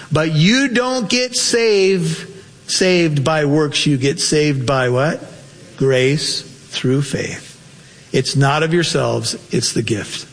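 A male pastor preaching a sermon with impassioned delivery, his voice climbing high on emotional quotes and then drawing into prayer. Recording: long hall reverb.

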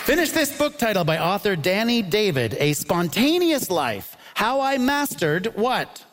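Comedy show host, male, high-pitched, unhurried, jokey; live audience audible. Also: sing-song, fairly bright tone, some chatter behind. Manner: jokey, laughs often. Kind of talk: comedy panel show hosting. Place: stage before a live audience.

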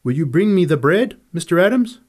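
A man voicing a calm, polite male camp cook in a storybook reading. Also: fairly high pitch, pitched above the performer's own voice. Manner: courteous, measured.

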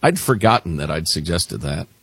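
A man's voice: low voice, sing-song, moderate pace, a bit bright, breathy edge, no room sound. A male talk radio host reading listener messages in casual, dry, sarcastic banter.

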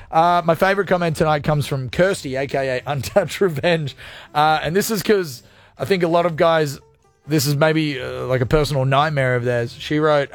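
A joking radio host with a voice pitched high for a man. He reads out listener comments in a casual, loose way and swears freely, with faint music playing behind him. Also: fairly bright tone, dry recording. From Australia.

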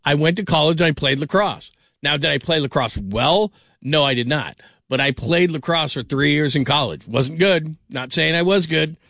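A man's voice: on the high side, moderate pace, a bit bright, no room sound. Rambling, chuckling man hosting sports radio. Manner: rambling, laughs often, stumbles and restarts. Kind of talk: late-night call-in radio talk.

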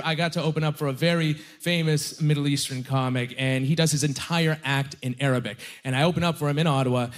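A young man working a stand-up comedy stage. He talks in a loose, self-deprecating way, leaning on likes and you-knows, with a voice pitched a little higher than most men's. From Halifax, Nova Scotia, Canada. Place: comedy club stage with a live audience.

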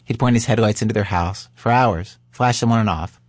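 A male podcast host with a fairly low voice. He narrates calmly and asks curious questions. The sound is dry and close. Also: brisk, no echo. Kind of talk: narration and interview.

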